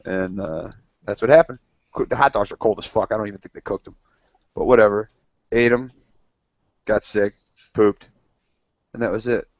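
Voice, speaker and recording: A man's voice: lowish voice, normal speed, long pauses, no echo. A man co-hosting a casual podcast with friends, rambling through stories, swearing freely and acting out what people said. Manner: rambling storyteller, swears freely, acts out quotes. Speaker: co-host. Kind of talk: casual banter among friends. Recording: dull lo-fi podcast audio.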